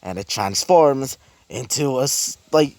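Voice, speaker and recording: A man improvising a fan-fiction story, halting often and circling back with fillers and restarts. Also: medium pitch, animated, darkish tone, no room sound.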